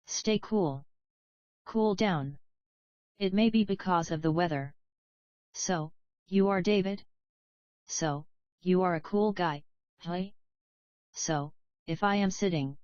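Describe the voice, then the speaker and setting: A woman slowly reading short English phrases one at a time, with pauses between them, for a language lesson. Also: lowish voice, dry recording, lo-fi sound. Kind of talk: slow read-aloud phrase drills.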